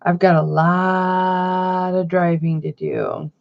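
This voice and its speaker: A woman's voice: fairly low pitch, slow pace, vocal fry, highs cut off. A woman vlogging from home in a rambling, chatty way. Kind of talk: casual chat.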